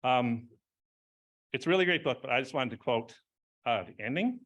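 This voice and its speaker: A man's voice: mid-range voice, animated, moderate pace, a bit bright. A man giving an informal speech at an award ceremony, rambling, with many fillers and frequent laughs.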